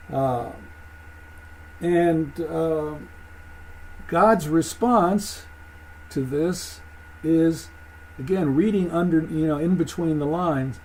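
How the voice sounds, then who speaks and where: A man giving a thoughtful lecture on Jewish texts, halting and restarting as he explains. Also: fairly high pitch, darkish tone, rough recording. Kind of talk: recorded lecture.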